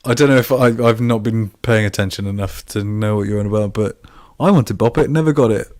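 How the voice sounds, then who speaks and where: Low-voiced man, teasing and laughing. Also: a little fast, darkish tone. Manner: laughs often, teasing, chatty storyteller. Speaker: co-host. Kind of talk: casual chat.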